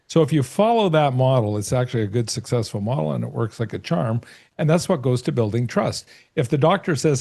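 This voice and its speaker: Mellow-voiced storytelling sales coach. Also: male voice, mid-range voice, animated, fairly quick, creaky. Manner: storytelling, acts out short dialogues and analogies. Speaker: sales coach and author, guest. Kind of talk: conversational interview.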